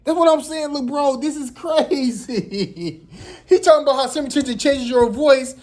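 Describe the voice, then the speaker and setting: A man with a small, high voice hosting a reaction video, teasing and laughing as he comments. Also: normal speed, a little mellow. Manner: high light voice.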